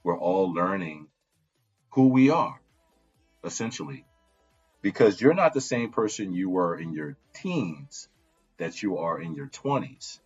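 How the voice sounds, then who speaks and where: A man's voice: sits low, big pitch swings, a little slow, pauses often, a little mellow, slightly rough, lo-fi sound, soft background music. A man giving casual relationship advice, talking conversationally and often checking in with "right?".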